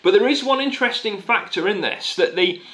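A man's voice: high voice, lively intonation, fairly quick, a bit bright, low-quality recording. A man preaching a sermon in a conversational, emphatic way, repeating key phrases and often restarting sentences. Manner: conversational with frequent restarts and fillers.

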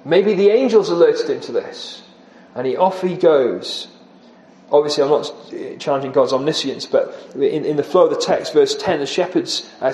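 High-voiced preacher man in an echoey hall. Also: a little mellow. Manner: earnest expository preaching, drops voice for emphasis. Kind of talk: sermon.

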